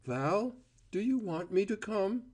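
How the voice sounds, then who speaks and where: A man voicing a shrill, scornful young woman. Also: expressive, slow, a little mellow, husky, full character voice. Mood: cold, bitter. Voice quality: shrill, screaming. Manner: scornful and bitter. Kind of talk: audiobook character voice.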